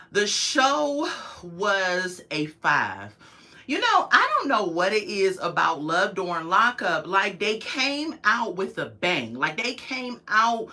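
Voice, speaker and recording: A woman's voice: mid-range voice, pushed and bright. A woman, casually reviewing a reality show on a livestream and chatting with her viewers. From United States. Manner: chatty, opinionated, talks to viewers in chat.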